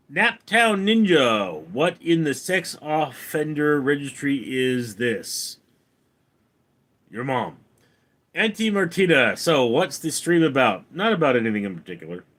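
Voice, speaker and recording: A man hosting a casual livestream reads viewers' names and comments aloud and answers them, calling out the names louder and higher than his replies. He is an actor streaming and reading his chat.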